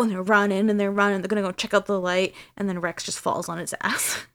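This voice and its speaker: A woman's voice: mid-range voice, flat delivery, moderate pace, a bit bright. A woman podcast host casually retelling a story, acting out the dialogue with casual swearing.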